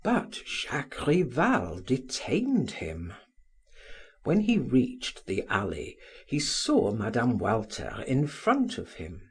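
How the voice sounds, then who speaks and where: Slow, breathy audiobook narrator. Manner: slow, expressive reading with wide pitch swings. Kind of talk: reading a classic novel aloud.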